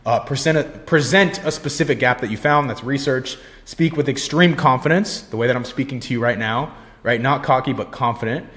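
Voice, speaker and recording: A man's voice: mid-range voice, brisk, fairly bright tone. A young man giving a casual sales lesson, blunt and confident, swearing freely and tagging lines with "right?". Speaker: sales coach. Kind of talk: casual instructional talk.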